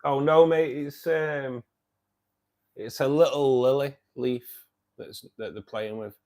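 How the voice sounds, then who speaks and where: A man's voice: mid-range voice, fairly even intonation, slow pace, dark tone. A man hosting a casual livestream. He reads out viewers' chat, says "mate" a lot and laughs often. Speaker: livestream host reading chat.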